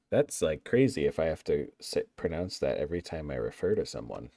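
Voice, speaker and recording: A low-voiced man in casual livestream chat, his pitch swinging up and down as he talks. He sounds chatty and playful, and the sound is dry and close, with no room around him. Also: very animated, fairly quick, gravelly, few pauses, warm tone, no room sound. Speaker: livestreamer building a game map.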